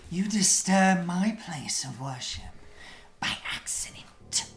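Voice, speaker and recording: A woman voicing a menacing spider spirit woman who speaks in slow, whispery riddles. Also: lowish voice, very animated, slight background noise, voice pushed up. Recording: echoey room.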